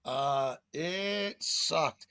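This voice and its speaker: Man, betting show host, high voice, bright sharp tone, rambling, casual, profane. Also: drawn-out words, smooth, no echo. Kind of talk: casual chat.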